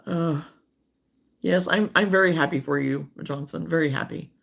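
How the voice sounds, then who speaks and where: A woman hosting a casual crochet livestream, chatting warmly and reading out viewer comments, sometimes close to tears. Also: low-pitched, moderate pace, vocal fry. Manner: warm, emotional, reads viewer comments aloud.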